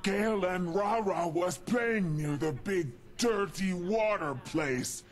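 A man's voice: high voice, slow, faint music behind. An actor playing a huge, angry male super mutant who speaks in broken sentences and refers to himself in the third person. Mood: pleading, worried. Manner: broken speech, referring to self in third person, shouting bursts. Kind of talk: video game dialogue.

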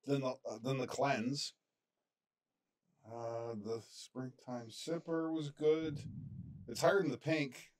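A man's voice: mid-range voice, fairly even intonation, slow pace, long pauses. A man mixing drinks on a casual podcast, with a dry, teasing sense of humor. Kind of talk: casual chat.

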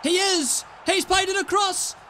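A young man commentating his own football video game, swinging from low muttered asides to excited yells at the screen. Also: a little slow, slight background noise. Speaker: gaming YouTuber. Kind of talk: live gameplay commentary.

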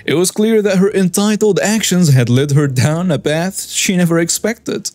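A man reads a scripted, dramatic story and talks straight to his listeners. His voice sits slightly high and sounds dry and close, with faint music playing under it. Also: normal speed, a little mellow, no echo. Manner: addresses listeners directly, dramatic telling. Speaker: story narrator.

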